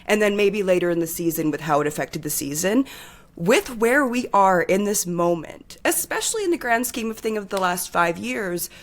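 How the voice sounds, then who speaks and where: A woman's voice: medium pitch, animated, moderate pace. A woman co-hosting a podcast in casual chat, talking with heated, impassioned energy and swearing freely. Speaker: podcast co-host.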